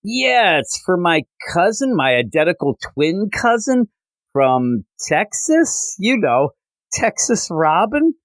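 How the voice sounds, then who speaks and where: A man voicing a young male comic-book hero who fumbles a cover story about a twin cousin, raised in pitch. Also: sing-song, takes it slowly, dry recording, heavily acted. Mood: flustered. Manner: flustered, improvised cover story.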